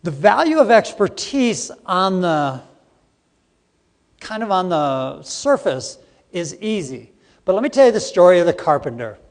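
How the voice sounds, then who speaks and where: High-voiced seminar presenter in a hall. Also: male voice, very animated, measured pace. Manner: jokey, interactive with the audience. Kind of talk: live training seminar. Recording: long hall reverb.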